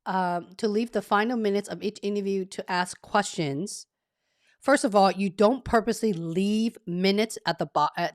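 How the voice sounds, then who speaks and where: A woman's voice: medium pitch, no room sound. Woman, live-stream career coach, chatty and upbeat, mid-range voice, dry close sound. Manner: chatty and upbeat, with frequent "okay?" check-ins. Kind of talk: casual live-stream coaching, reading chat aloud.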